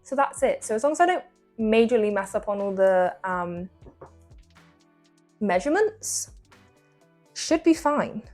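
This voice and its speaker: A woman's voice: medium pitch, lively intonation, a little slow, long pauses, a little mellow, soft background music. A young English woman chatting casually to viewers while she bakes in her home kitchen, joking at her own expense. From England. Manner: chatty, self-mocking, talks to viewers. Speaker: baking vlogger. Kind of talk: casual chat while baking.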